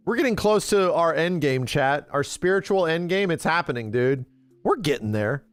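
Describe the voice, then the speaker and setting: A man livestreaming in casual chat with his audience, animated and rambling, swearing freely and calling people bro and dude. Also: fairly high pitch, normal speed, no room sound, faint music behind.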